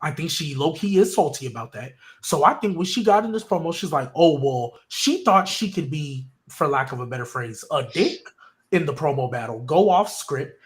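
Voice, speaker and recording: A man hosting a casual wrestling podcast, his fairly high voice swinging widely in pitch as he rambles through his opinions. He restarts his sentences often and keeps the delivery animated and chatty. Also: normal speed. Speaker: podcast host.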